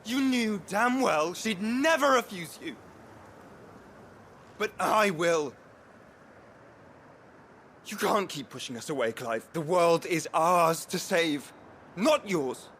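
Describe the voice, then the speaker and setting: A man's voice: sits high, expressive, slow, long pauses, fairly bright tone, a little hiss or hum, full character voice. An actor playing an earnest young man who confronts his older brother in a video game cutscene, with a pointed, accusing delivery.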